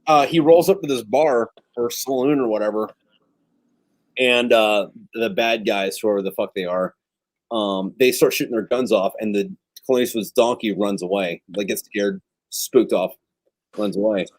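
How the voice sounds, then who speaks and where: A man's voice: lowish voice, moderate pace, no echo. A man in casual chat, telling long rambling stories and swearing freely. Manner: rambling, profane storytelling.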